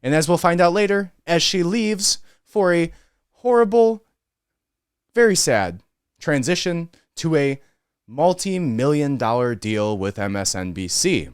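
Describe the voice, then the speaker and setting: Sarcastic, indignant podcast host. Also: male voice, fairly high pitch, lively intonation, measured pace, smooth. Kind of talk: political commentary.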